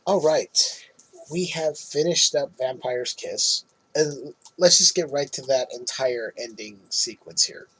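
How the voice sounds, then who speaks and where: A man hosting a podcast, casually recapping a film's plot in an animated way and laughing often. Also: medium pitch, slightly rough, rough recording. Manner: animated retelling, quick laughs. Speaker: podcast host.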